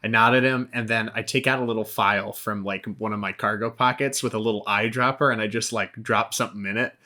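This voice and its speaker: A man's voice: on the low side, steady tone, fast, bright, forceful tone. A man playing a tabletop role-play game, casually describing his character's actions. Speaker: player.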